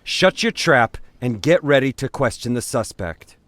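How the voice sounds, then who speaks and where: A blunt, weary cop. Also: male voice, medium pitch, expressive, a little slow, a bit bright, dry recording. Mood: gruff. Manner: blunt and curt.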